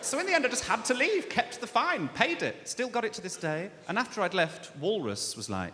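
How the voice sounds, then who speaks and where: Animated male stand-up telling a story. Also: sits high, a little fast, hardly any pauses. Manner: animated, mocking, acts out the characters. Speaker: stand-up comedian. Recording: echoey hall, noisy live show.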